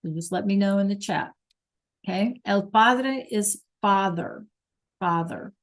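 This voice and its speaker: A woman's voice: mid-range voice, measured pace. A woman teaching a Spanish class online over a video call, patient and checking in with students often.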